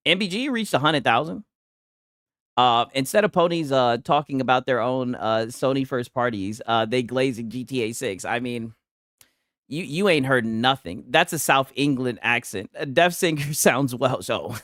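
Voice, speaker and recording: A man's voice: medium pitch, moderate pace, fairly bright tone, dry recording, studio quality. A man hosting a casual gaming news stream, talking loosely and profanely and laughing often as he reacts to posts. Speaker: livestream host.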